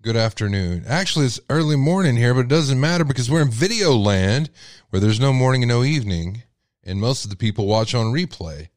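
Man, Texas accent, deep voice, lively swings in pitch, dry close sound, casual livestream host. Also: fairly quick, no echo. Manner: animated, exclaiming in disbelief. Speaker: podcast host.

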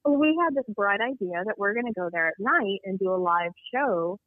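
A woman guest telling an eerie personal story in an animated, rambling way, acting out what people said. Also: mid-range voice, moderate pace, no echo. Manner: animated, rambling storyteller who acts out dialogue. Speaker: guest telling a Bigfoot encounter. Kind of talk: storytelling on a call-in interview. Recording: tinny dry phone line.

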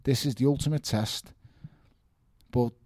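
A man's voice: mid-range voice, steady tone, a little slow, a little mellow, no room sound, clean studio sound. A man, talking emphatically in a casual interview, repeating himself and calling people mate. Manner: emphatic, repeats words, calls listener mate. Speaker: professional boxer, guest.

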